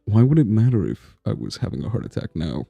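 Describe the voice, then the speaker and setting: A man's voice: lowish voice, sing-song, quick pace, vocal fry, dark tone, husky, no room sound, muffled recording, soft background music. A man streaming a story game, reading its text aloud and commenting with swearing and laughter.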